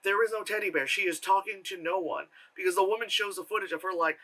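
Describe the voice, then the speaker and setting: A man's voice: high-pitched, quick pace, bright, forceful tone. A man giving a casual, rambling film review with sarcastic asides and lots of fillers. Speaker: movie reviewer.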